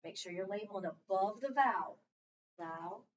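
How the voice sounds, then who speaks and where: A woman's voice: mid-range voice, normal speed. A woman teacher leading a phonics lesson in a classroom, patiently prompting her students with fill-in-the-blank questions. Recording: muffled, distant classroom recording.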